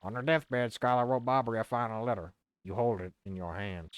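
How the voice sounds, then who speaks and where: A man doing a hushed, guilt-ridden old bomb. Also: fairly even intonation, a little fast, smooth, no room sound, lightly acted. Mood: remorseful. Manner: low, hushed and confessional.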